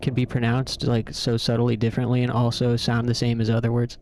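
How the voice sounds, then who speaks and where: A man's voice: medium pitch, monotone, a little fast, a little mellow, a little hiss or hum. A man streaming a game, chatting casually and trying out words aloud with curious musing.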